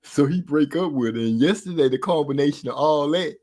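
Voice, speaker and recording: A man telling a story in casual podcast chat, slangy and animated, often laughing between lines. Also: fairly high pitch, a little fast.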